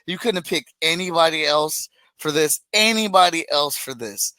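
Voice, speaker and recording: Animated, blunt man podcast co-host with a bright, tense voice. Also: on the high side, normal speed, no room sound, rough recording. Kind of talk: casual chat.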